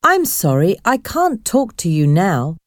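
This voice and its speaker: A woman reading a storybook voices a mysterious girl who speaks calmly and slowly, with a strange heavy accent. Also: lowish voice, no echo, clean studio sound. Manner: calm, slow, heavy accent.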